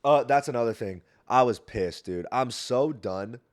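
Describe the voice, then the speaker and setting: A young man hosts a solo podcast and rants with a lot of swearing. He rambles, drops to low mumbles, then bursts out loud. His voice sits at an ordinary pitch for a man. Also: measured pace. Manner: profane, rambling, ranting, swings from mumbling to loud outbursts. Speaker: podcast host. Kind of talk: casual solo podcast rant.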